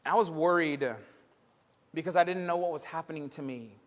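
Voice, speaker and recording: A young man from Texas, a pastor preaching a sermon to his church, moving between loud emphatic preaching and quiet storytelling. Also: fairly high pitch, steady tone, brisk, in a large hall. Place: church sanctuary.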